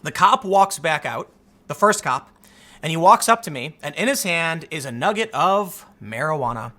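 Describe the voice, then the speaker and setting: A man with a high, bright voice tells a personal story in a loose, chatty monologue. He stays animated throughout and acts out the people in it as he goes. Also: normal speed. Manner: animated retelling, acts out the dialogue. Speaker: vlog host.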